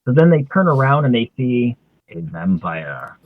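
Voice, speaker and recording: Male co-host, relaxed storyteller reading comic dialogue aloud, thin phone-line sound. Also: mid-range voice, normal speed, dry recording. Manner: relaxed storyteller, lightly acting out characters' lines. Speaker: artist co-host. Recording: tinny phone-like dry sound.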